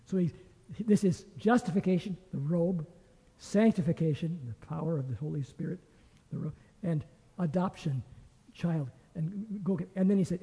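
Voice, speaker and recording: An older man teaches scripture in a lively storytelling way, acting out the voices in the story. His voice is dark and a little husky, and a long hall reverb trails behind it. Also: fairly high pitch. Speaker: Bible teacher. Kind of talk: teaching a Bible class.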